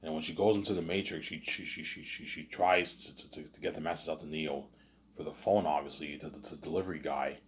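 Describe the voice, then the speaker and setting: Man, extremely low voice, casual rambling storytelling, stammering repetitions. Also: brisk. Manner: rambling, stammering repetitions, constant "you know what I'm saying".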